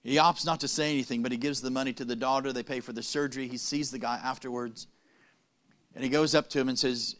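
A man preaching a sermon, telling a story with dramatic pauses and quick, punning asides. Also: medium pitch, level tone, fairly bright tone.

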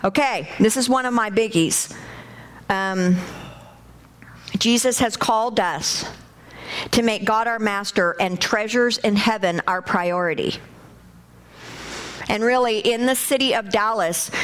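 A middle-aged woman preaching a lively sermon to a congregation, calling out and bursting into shouts. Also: medium pitch, slow, long pauses. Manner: animated, shouts in acted bursts, talks to congregation.

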